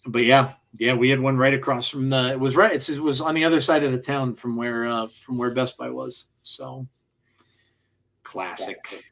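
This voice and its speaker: Podcast co-host, man, mid-pitch, chatty storyteller who restarts sentences a lot. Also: normal speed, vocal fry, a bit bright. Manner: rambling storyteller, frequent restarts and laughs. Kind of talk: casual chat.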